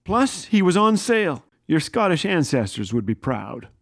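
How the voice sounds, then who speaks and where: A woman's voice: deep voice, sing-song, moderate pace, dry recording, clean studio sound, exaggerated voice. A man voicing his practical wife, who answers him in a teasing, reasonable way. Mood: persuasive.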